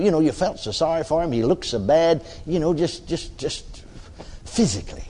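A man's voice: fairly high pitch, big pitch swings, fairly quick, warm tone. A man preaching a storytelling sermon in a folksy, chatty way, with chuckling asides and frequent "you see" tags. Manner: many restarts and filler tags like "you see".

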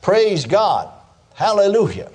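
An older man preaching a sermon in a folksy, animated way, dropping in frequent exclamations of praise. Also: high voice, slow, background noise.

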